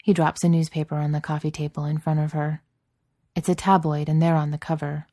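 A woman reads a story aloud in a steady, measured way. Her voice is low and mellow, and the recording is dry and close. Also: no room sound. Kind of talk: reading fan fiction aloud.

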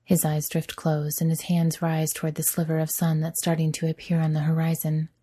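A woman narrating a story aloud in a gentle, even storytelling manner. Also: low-pitched, fairly quick, slightly rough. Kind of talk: audiobook story reading.

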